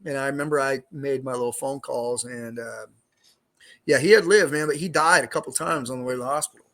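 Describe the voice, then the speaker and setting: A man's voice: medium pitch, brisk, fairly bright tone. Middle-aged man, former inmate guest, loose street slang, swears freely, rambles through stories. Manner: streetwise, profane, rambling with fillers. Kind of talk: casual storytelling interview.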